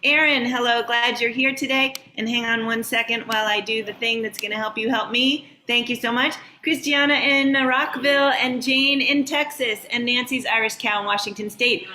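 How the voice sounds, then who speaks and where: A woman hosting a live online show, warmly greeting viewers by name over a video call. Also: on the high side, fairly even intonation, moderate pace, few pauses. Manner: upbeat, reading out viewer names. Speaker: show host. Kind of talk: live online welcome and shout-outs. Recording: echoey room with faint background noise.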